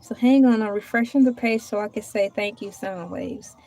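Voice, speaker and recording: Speaking at normal speed with a warm, medium-pitched voice, a woman live streams from home in a chatty way. She thanks her viewers, types, and hunts around her table while talking to herself.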